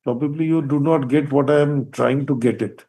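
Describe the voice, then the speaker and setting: Older judge, mellow low-key tone, probing and insistent in court. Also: male voice, fairly even intonation, normal speed, slightly rough. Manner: probing, pointed questions, repeats words while thinking. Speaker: presiding judge. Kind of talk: courtroom hearing.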